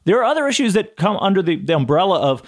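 A man's voice: high-pitched, sing-song, no echo. Brief: male co-host, lawyer, dry close-mic voice, agreeable interjections. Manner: chiming in with agreement, quick affirmations. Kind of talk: casual legal discussion.

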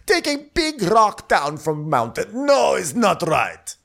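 A man's voice: high voice, huge pitch swings, slow pace, vocal fry, a bit bright, voice pushed up, heavily acted. A man putting on a gushing, doting man who fusses over his small girlfriend in a squealing, over-the-top voice.

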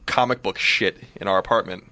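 A man co-hosting a podcast, dropping dry, deadpan interjections in casual chat. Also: low-pitched, a little fast, no echo. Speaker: podcast co-host.

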